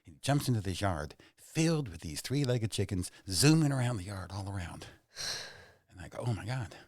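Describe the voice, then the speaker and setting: Very low-voiced male comedian guest, animated rambler, dry close studio sound. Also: moderate pace, dry recording. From Oklahoma, USA. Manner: animated, rambling, self-mocking. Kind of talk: casual storytelling and joke-telling. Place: podcast studio.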